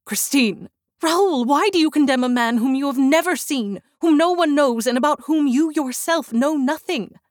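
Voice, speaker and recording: A woman voicing a frightened young woman who pleads in a high, trembling voice. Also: normal speed, no room sound, clean studio sound, close to an everyday voice. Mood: indignant, alarmed.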